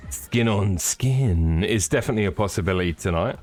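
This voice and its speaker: A man with a fairly low voice hosts a sim racing live stream. He talks in a loose, rambling way, cracking jokes and greeting viewers. Faint music plays underneath. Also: expressive, fairly quick, darkish tone. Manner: jokey, rambling, chatty with viewers. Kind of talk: casual live-stream commentary.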